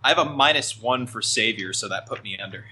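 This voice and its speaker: Hesitant man with a bright voice. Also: lowish voice, fast talker, poor audio. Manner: hesitant, filler-heavy. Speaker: player. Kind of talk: casual tabletop play.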